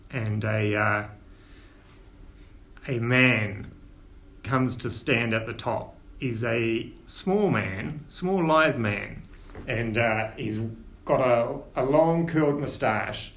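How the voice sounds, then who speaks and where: A man narrating a tabletop game as game master, relaxed and a little halting. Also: medium pitch. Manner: easygoing, hesitant storyteller. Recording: echoey room, faint hiss.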